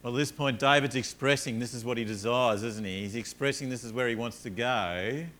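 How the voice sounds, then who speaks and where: Earnest male preacher. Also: a little fast. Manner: earnest, rises animatedly in stories, drops low and soft on points. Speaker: pastor. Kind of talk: sermon.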